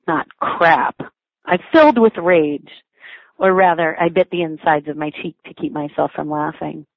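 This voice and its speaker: A woman's voice: deep voice, normal speed, no echo. Woman, personal essay reading, wry, self-mocking, dry tinny phone-like sound. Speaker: writer reading her own blog entry.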